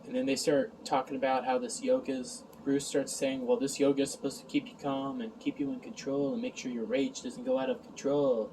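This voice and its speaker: A man's voice: medium pitch, little pitch movement, brisk, hardly any pauses, mellow, recorded from a distance, slight background noise, poor audio. A man recapping an episode in a casual review, sarcastic and exasperated, sighing and mocking the lines he quotes.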